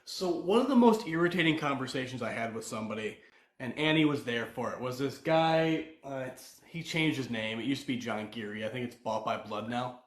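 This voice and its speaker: A man's voice: mid-range voice, brisk, reverberant. A man hosting a live stream, chatting casually in a joking, sarcastic way. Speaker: livestream host. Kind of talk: casual chat.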